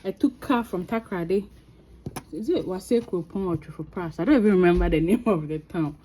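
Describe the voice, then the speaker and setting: A woman with a Ghanaian accent telling a story from her own life in a casual vlog, animated and laughing often. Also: on the low side, brisk. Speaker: crafting vlogger.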